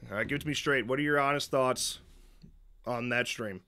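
A man's voice: mid-range voice, a little fast, bright, forceful tone. A young man streaming live, giving rambling, opinionated commentary on a game update and stopping often to restart his sentences. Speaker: streamer reacting to a developer Q&A.

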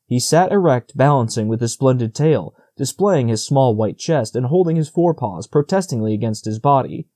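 A man narrating a storybook audiobook in a steady, measured reading. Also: mid-range voice.

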